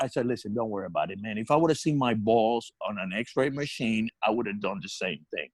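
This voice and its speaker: A middle-aged man spins a comic story on a podcast, laughing as he goes. His pitch swings widely as he tells it, and the sound is dry and close with no room around it. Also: fast, few pauses, no room sound. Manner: animated storyteller, laughing through his own punchlines. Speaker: comedy podcast co-host.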